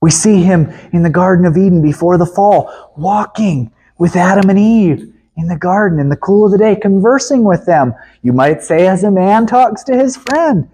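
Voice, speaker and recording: Brief: male preacher, high-pitched, husky, emphatic, dropping to hushed tones. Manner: emphatic, swings from loud to hushed, chuckles. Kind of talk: sermon.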